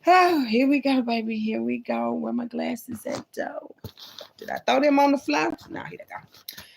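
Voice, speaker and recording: A woman's voice: a little high, sing-song, normal speed, creaky, slight background noise. A woman vlogger in a loose, profane, rambling monologue about faith, talking straight to her viewers. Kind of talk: casual rambling spiritual monologue.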